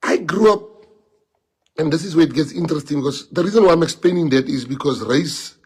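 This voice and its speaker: A man's voice: fairly high pitch, fairly quick, a little mellow, slightly rough. A man from South Africa with a South African accent, a native Afrikaans speaker, giving an impassioned monologue to followers and repeating rhetorical questions. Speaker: politician addressing followers. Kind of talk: emotional live-streamed monologue.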